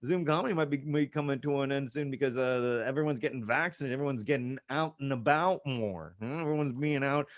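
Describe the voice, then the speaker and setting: A man's voice: medium pitch, fairly quick, few pauses, lo-fi sound. A young man doing a loose, sarcastic stand-up set over a video call, full of asides and banter. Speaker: stand-up comedian.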